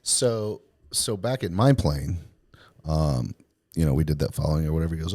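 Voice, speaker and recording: A man's voice: a bass voice, lively intonation, moderate pace, mellow, no echo, clean studio sound. A man casually telling a long story with a laid-back, rambling manner and plenty of filler words.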